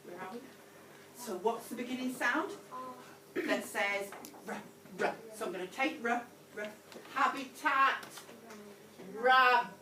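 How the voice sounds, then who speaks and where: A woman teacher leading a lively class, encouraging and patient, her fairly high voice bouncing around a roomy classroom. She sounds distant from the camera, with steady room noise behind her. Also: unhurried, pauses often. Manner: encouraging, repeats prompts, calls pupils sweetheart. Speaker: primary school teacher. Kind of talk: whole-class phonics lesson. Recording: echoey classroom from far off.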